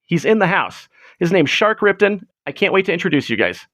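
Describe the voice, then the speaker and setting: A man hosts a casual livestream, chatting to viewers in a rambling, filler-heavy way. His voice sits fairly high for a man, and the close desk mic sounds dry and dead. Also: very animated, brisk, a bit bright, no room sound. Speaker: livestream host.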